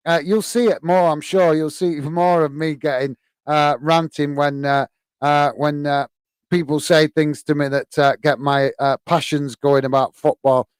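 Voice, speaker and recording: A man's voice: on the high side, steady tone, a little slow, clear, resonant tone, dry recording. A man from the UK hosting a live football watch-along, reading viewer comments in a hesitant, friendly way with lots of fillers and calling people mate.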